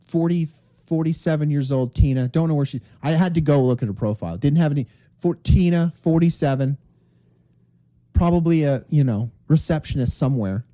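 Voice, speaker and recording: A man co-hosting a comedy podcast, telling crude, animated stories and acting out voices in casual chat. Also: on the high side, fairly quick. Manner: crude, animated storyteller who acts out voices. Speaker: podcast co-host.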